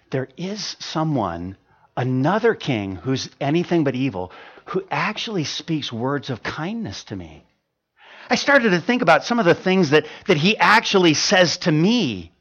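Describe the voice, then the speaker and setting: A man's voice: a little high, moderate pace, dull audio. A man preaching a sermon, retelling a story with lots of stammered repeats. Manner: animated, stammering repetitions.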